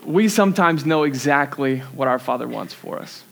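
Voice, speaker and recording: A man's voice: medium pitch, lively intonation, normal speed, vocal fry, fairly bright tone. A young man preaching a sermon in a church, earnest and conversational, with self-deprecating asides.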